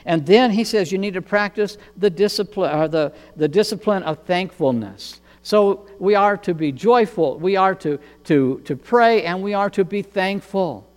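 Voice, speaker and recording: A man preaching a sermon as pastor, earnest and measured, often repeating words as he goes. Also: high voice, big-room sound.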